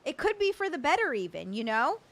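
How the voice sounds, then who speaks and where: A woman's voice: high voice, sing-song, brisk, fairly bright tone. A young adult woman hosting a casual livestream chat, stammering and swearing in happy disbelief as she thanks viewers. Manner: overwhelmed, stammering, laughing and swearing. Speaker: livestream host.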